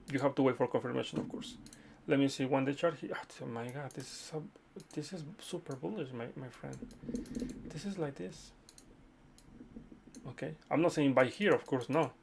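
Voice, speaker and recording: Gravelly-voiced man hosting a live chart stream. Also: mid-range voice, normal speed, long pauses, background noise. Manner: chatty, repeats okay, addresses viewers as friends. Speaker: livestream host reading viewer chart requests. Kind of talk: casual live chart analysis.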